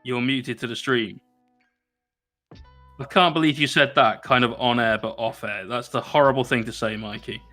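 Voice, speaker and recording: Male co-host, teasing and dry, bright tone. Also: medium pitch, fairly even intonation, moderate pace, faint music behind. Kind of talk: casual banter.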